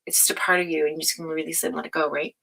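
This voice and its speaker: A woman hosting a tarot reading livestream, talking casually and affectionately to viewers, with many fillers, sighs and soft laughs. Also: low voice, little pitch movement, racing, vocal fry, low-quality recording. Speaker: tarot reader and livestream host.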